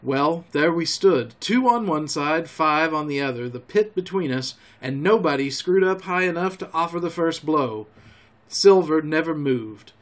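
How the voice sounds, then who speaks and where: A man hosting a storytelling show, reading a classic novel aloud in a calm, homely way. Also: fairly high pitch, unhurried. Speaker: storyteller host.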